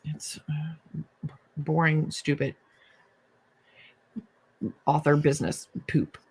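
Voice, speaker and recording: Woman streamer, kinda gravelly, rambling chat and reading out comments. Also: deep voice, level tone, takes it slowly. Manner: chatty, reads viewer comments aloud. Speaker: livestream host. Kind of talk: casual livestream chat.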